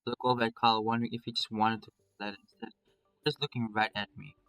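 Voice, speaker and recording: A man's voice: fairly low pitch, little pitch movement, quick pace, fairly bright tone, faint music behind, rough recording. A man reading a visual novel aloud in a dramatic first-person storytelling manner. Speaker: narrator.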